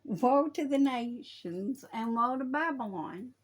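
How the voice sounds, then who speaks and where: A woman's voice: fairly high pitch, expressive, slow pace. A woman, talking casually in a religious video, folksy and scolding, laughing often. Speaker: online preacher.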